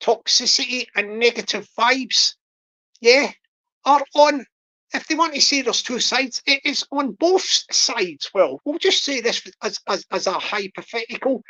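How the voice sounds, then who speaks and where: A woman's voice: fairly high pitch, lively intonation, unhurried, pushed and bright, poor audio. A woman, rambling on as a YouTuber in a casual monologue, repeating herself and chuckling often. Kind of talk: casual monologue livestream commentary.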